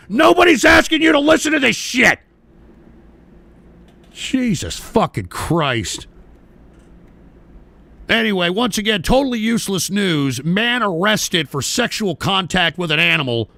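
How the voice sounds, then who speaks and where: A man hosting a radio show, delivering profane ranting commentary in an angry, abrasive way. He shouts insults at his listeners and keeps tossing in "all right?". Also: extremely high pitch, creaky, no room sound. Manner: repeats "all right?" as a verbal tic.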